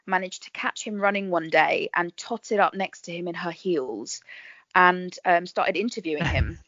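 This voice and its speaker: A woman, a guest actress chatting in a podcast interview, bubbly and quick to laugh as she tells her stories. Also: lowish voice, fairly bright tone, dry recording, highs cut off. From England. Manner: chatty, bubbly storyteller who laughs often.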